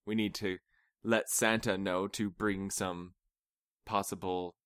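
A man's voice: low-pitched, level tone, slow pace, fairly bright tone, clear, resonant tone, no room sound, studio quality. A man chatting casually with his co-host about their kids, talking loosely with fillers and restarts. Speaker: co-host, parent. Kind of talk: casual family chat.

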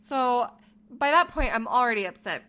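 A woman co-hosting a podcast, telling a story in a casual chat, animated and laughing, acting out the lines she quotes. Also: fairly high pitch, normal speed. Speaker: podcast co-host.

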